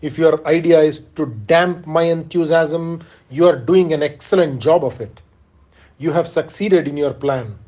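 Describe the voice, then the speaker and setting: A man reading aloud as a proud, doomed male warrior, bitter and resigned, in a measured, solemn way. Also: a little high, a little mellow, lo-fi sound, close to an everyday voice. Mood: solemn resolve.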